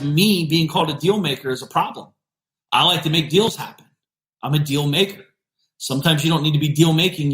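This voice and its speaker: A male podcast host giving an energetic, emphatic motivational business talk, repeating punchy phrases. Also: a little high, reverberant.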